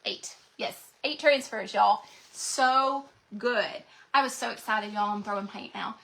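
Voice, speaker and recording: A woman hosting a craft livestream, gushing excitedly to her viewers as she shows off new transfers. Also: mid-range voice, unhurried, vocal fry. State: recovering from being sick. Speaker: craft channel host.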